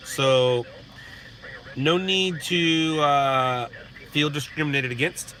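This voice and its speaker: A man's voice: a little high, slow, long pauses, pushed and bright. A man hosting a live stream from a parked spot, casually answering viewer questions and joking around. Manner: laid-back, joking, answering chat questions. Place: parked in a parking lot at sunset.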